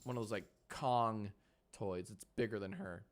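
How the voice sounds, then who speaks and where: A man's voice: lowish voice, moderate pace. A man in his thirties casually streaming from his home editing room, joking with chat, running polls and cooing at his dog. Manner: soft baby talk to his dog.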